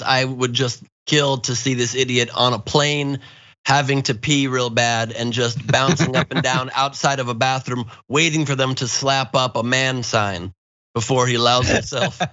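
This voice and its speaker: A man co-hosting, cracking crude, mocking jokes in a bright, forward voice. The sound is dry and a little dull. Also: mid-range voice, fairly even intonation, unhurried, no room sound. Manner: jokey, crude, mocking humor. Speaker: co-host.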